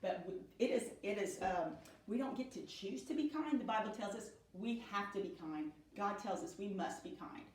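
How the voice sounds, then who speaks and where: A woman's voice: medium pitch, lively intonation. Woman teaching kids in echoey room. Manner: slow, sing-song storytelling to small children. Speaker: Sunday school teacher. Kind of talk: children's Bible lesson. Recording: echoey room, speaker far from mic.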